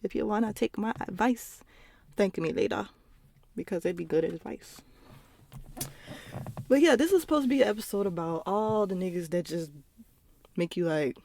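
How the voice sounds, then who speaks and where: A woman's voice: mid-range voice, expressive, moderate pace, creaky, long pauses, darkish tone, no echo. A young woman hosting her own podcast, telling personal stories in a rambling, profane, casual monologue with laughing asides, recorded at home. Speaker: podcast host.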